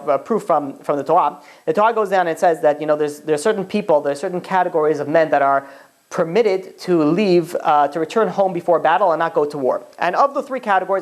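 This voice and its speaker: A man teaches a casual Torah class as a rabbi. His delivery rambles through asides and "you know"s. He acts out little exchanges as he goes. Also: sits high. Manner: rambling and animated, full of asides and acted-out dialogue. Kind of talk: informal Torah class lecture.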